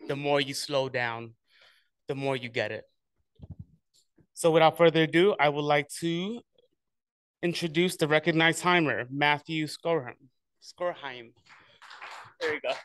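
A man's voice: a little high, normal speed, pauses often, a bit bright, clear, resonant tone. A man hosting a club meeting, introducing each speaker in an encouraging, conversational way.

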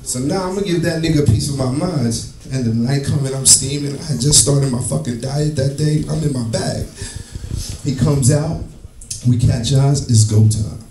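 A man doing a profane, animated stand-up comedy set on a club stage, acting out the people in his stories. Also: medium pitch, normal speed, slight background noise. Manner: profane, animated, acts out characters. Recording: echoey live room, distant, music behind.

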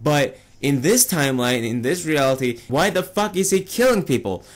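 A man's voice: a little high, animated, moderate pace. Heated, profane young man ranting. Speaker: movie reviewer and streamer. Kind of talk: casual rant.

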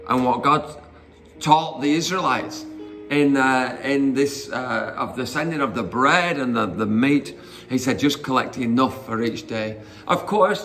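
A man's voice: medium pitch, a bit bright, a little hiss or hum. A man preaching an informal sermon, conversational and rambling with fillers and asides as he retells Bible stories.

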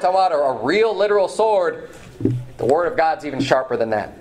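Man preaching a sermon, raised pitch. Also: big pitch swings, brisk, very noisy. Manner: preaching with fillers and restarts, reads scripture aloud. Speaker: pastor. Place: church sanctuary.

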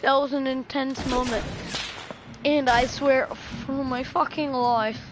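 A woman giving gameplay commentary, full of profane, excitable trash talk. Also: sits high, takes it slowly. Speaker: gamer. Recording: noisy game audio behind. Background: game sounds and gunfire.

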